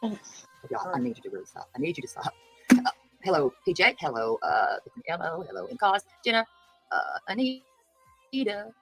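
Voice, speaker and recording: A woman's voice: fairly low pitch, sing-song, moderate pace, creaky, long pauses, a bit bright, husky, faint music behind, rough recording. A woman hosting a casual livestream, greeting viewers by name and speaking bluntly and indignantly. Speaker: host of a livestream commentary show.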